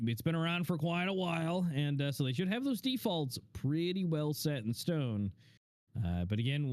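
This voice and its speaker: A man's voice: medium pitch, a little mellow, no room sound, studio quality. A man doing color commentary on a live esports match, meandering and full of fillers. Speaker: esports co-caster.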